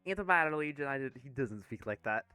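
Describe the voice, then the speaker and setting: A man's voice: mid-range voice, lively intonation, fast talker, bright, forceful tone, smooth, no echo, faint music behind. Rambling, self-laughing male game master. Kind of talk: casual tabletop game narration.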